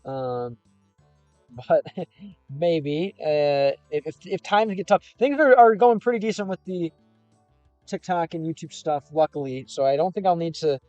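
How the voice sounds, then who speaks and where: Young guy from chicago rambling on a casual stream in his car, kinda high voice, lots of likes and ums. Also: animated, a little slow, darkish tone, no room sound, highs cut off, soft background music. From Chicago, United States. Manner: rambling and loose, with frequent fillers and restarts. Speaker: gaming and language streamer. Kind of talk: casual livestream chat, reading viewer comments.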